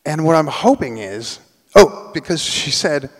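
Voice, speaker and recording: A man telling a personal story on stage, animated, acting out the voices of people in it. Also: a little high, measured pace. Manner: animated, acts out quoted voices. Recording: long hall reverb.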